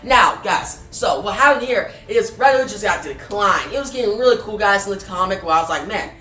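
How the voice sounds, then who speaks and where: A woman's voice: mid-range voice, expressive, a little fast, sharp tone. A woman casually reviewing a comic book, chatting to viewers as "guys" and retelling the story. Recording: roomy echo, distant mic, faint music.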